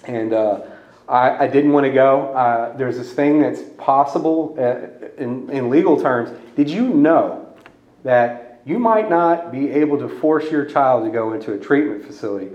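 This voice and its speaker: A man's voice: mid-range voice, measured pace. A man candidly telling his own recovery story, wry and laughing at himself, from Louisiana. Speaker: speaker sharing a recovery story. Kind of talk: personal testimony talk. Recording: dull echoey room sound.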